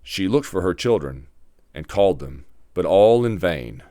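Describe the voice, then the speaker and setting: A man narrating a fairy tale in a measured, dramatic storybook reading. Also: low-pitched, expressive, dark tone, no echo, clean studio sound.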